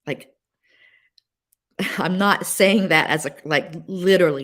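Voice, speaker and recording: A woman guest sharing a personal story on a podcast, emotional and halting, with many fillers and restarts. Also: on the low side, a bit bright. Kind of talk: candid personal testimony.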